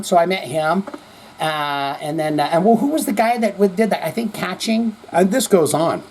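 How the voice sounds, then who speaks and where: A man's voice: a little high, lively intonation, normal speed, a little mellow, a little hiss or hum. A man hosting a show, telling rambling, profane stories and acting out quoted voices. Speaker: host. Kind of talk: casual rambling monologue.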